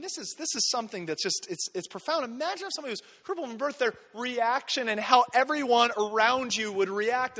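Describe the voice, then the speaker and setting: High-voiced man preaching in a reverberant hall. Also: pushed and bright. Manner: conversational, self-deprecating, acts out quotes. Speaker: pastor. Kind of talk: sermon.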